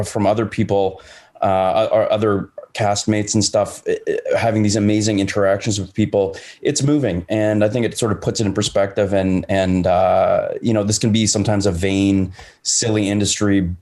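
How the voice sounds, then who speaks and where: A lower-voiced man speaks over a video call during a panel, his thoughts coming in halting, earnest pieces. He sounds choked up and keeps fighting to hold it together. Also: steady tone, a little mellow. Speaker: actor on a reunion panel. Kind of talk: casual panel chat.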